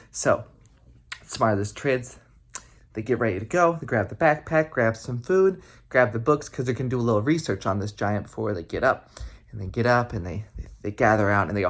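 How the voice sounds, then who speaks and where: A young adult man, a camp counselor, telling a campfire story with sound effects and shouts. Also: medium pitch, very animated, fairly quick.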